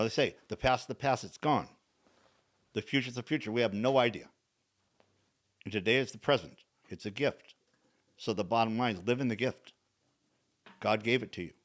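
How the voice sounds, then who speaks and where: A man on a podcast talking in a folksy, preachy way, repeating his phrases. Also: on the low side. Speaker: podcast co-host. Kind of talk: casual chat.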